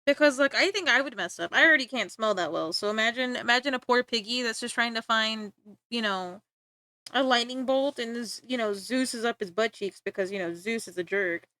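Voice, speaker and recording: A woman's voice: a little high, brisk, pushed and bright, dry recording. A young woman streaming live, rambling and joking in casual chat with frequent laughter.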